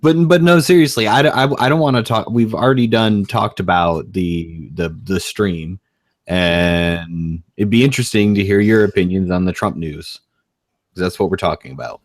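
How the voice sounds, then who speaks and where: Low-voiced man hosting a casual chat. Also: moderate pace, no room sound. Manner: steering the conversation, easy laughs.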